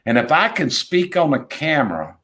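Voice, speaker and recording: A man's voice: fairly high pitch, sing-song, moderate pace, fairly bright tone. A middle-aged man with a Southern US accent, a business coach talking bluntly and emphatically as a guest in an interview, repeating his points for effect. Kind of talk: casual interview talk.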